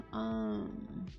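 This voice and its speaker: A woman streamer chatting casually to her viewers, gushing and excitable. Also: a bass voice, dull audio. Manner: gushing and excitable, talks to chat. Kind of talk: casual live-stream chat.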